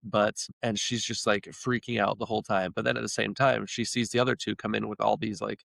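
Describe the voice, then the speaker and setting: A man's voice: lowish voice, little pitch movement, a little fast, vocal fry, fairly bright tone, no echo. A man, a podcast guest, retelling stories in a rambling, casual way with many restarts. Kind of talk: casual storytelling chat.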